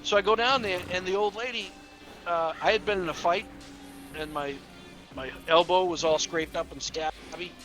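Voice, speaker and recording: A police officer telling rambling, profane stories in casual game voice chat, often laughing. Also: male voice, sits high, normal speed, a bit bright, soft background music.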